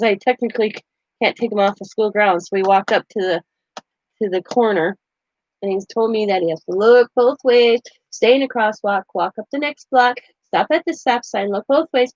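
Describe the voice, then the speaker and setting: A woman's voice: fairly high pitch, no room sound, muffled recording. Chatty middle-aged woman telling a story. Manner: chatty, animated, laughs through her story. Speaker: crafting channel host. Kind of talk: casual storytelling.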